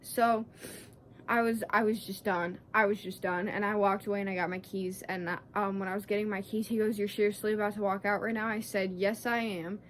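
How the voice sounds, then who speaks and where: A woman's voice: mid-range voice, steady tone, normal speed, slight background noise. A sixteen-year-old girl telling a story in a chatty, casual vlog, fired up and swearing freely. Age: teens. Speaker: vlogger.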